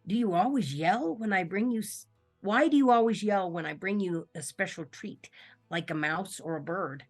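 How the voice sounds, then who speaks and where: A woman voicing a chatty, affectionate male house cat in her own plain storytelling voice, gently puzzled. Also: mid-range voice, moderate pace, faint music behind, lightly acted. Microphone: video call.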